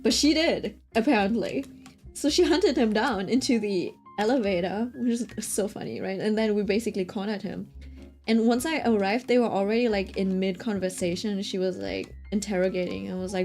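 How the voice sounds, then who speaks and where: A young woman telling a story in casual chat, full of fillers and quick laughs, asking "right?" often. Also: mid-range voice, a little mellow, faint music behind. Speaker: vlogger.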